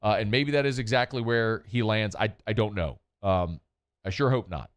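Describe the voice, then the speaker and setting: A man's voice: on the low side, moderate pace, smooth. A man hosting a sports talk radio show, delivering an opinionated, emphatic monologue with punchy repetition.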